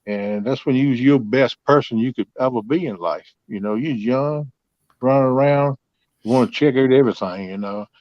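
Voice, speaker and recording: A man's voice: mid-range voice, normal speed, dry recording. Man in his fifties, folksy and drawling, dull dry lo-fi sound. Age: 50s. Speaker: host. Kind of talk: casual storytelling chat.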